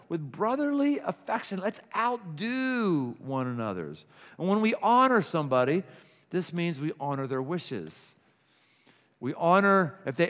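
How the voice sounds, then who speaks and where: Animated middle-aged pastor in a reverberant hall. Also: male voice, sits high, clear, resonant tone. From Pittsburgh. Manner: animated, acts out little scenes with gasps and laughs. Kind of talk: sermon. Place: large church auditorium. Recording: long hall reverb from a church auditorium.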